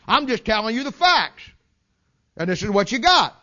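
An older preacher delivers a sermon in a high, bright voice, hammering his points with folksy sayings and repetition. The recording is dull and lo-fi, like an old church tape. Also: lively intonation, normal speed.

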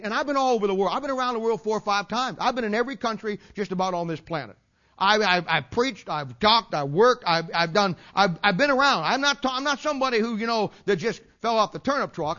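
An older preacher delivers a sermon in a high, bright voice, hammering his points with folksy sayings and repetition. The recording is dull and lo-fi, like an old church tape. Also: animated, quick pace.

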